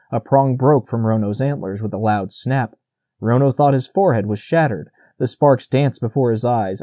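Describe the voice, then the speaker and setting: A man narrating a classic children's novel as an audiobook in a steady, measured reading. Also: medium pitch, dry recording, clean studio sound. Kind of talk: scripted narration.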